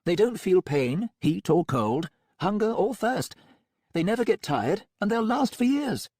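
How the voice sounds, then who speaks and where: Male narrator putting on a high, lively-voiced condescending doctor, audiobook villain. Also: unhurried, no room sound, studio quality, full character voice. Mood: smug. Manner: breezy, condescending. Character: smooth, callous male doctor running a cyborg ward.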